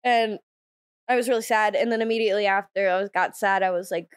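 A woman's voice: medium pitch, steady tone, fast talker, clean tone, no echo. Playful woman comedian with a dry, close voice. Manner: playful, silly, laughs at own jokes. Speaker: comedian guest. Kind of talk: casual comedy podcast chat.

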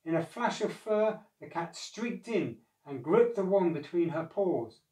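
A man narrating a storybook, measured and expressive. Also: high voice. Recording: echoey room, far from mic.

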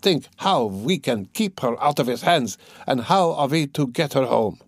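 An agitated young student in a classic novel audiobook, urgent and excitable, pleading with rising pitch, as a man reads him out. The voice sits in an ordinary middle register and is recorded close and dry. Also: unhurried, no echo.

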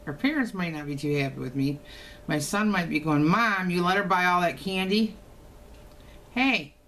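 A woman's voice: mid-range voice, a little hiss or hum. An older woman, chatting casually to camera at home in a teasing, folksy way. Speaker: haul vlogger. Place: home, indoors.

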